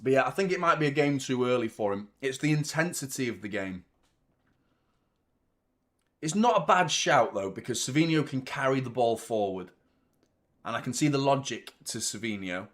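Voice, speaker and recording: Male watchalong host, excitable live match reactions, loud, sweary. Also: medium pitch, normal speed. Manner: excitable, swears, shouts at the play.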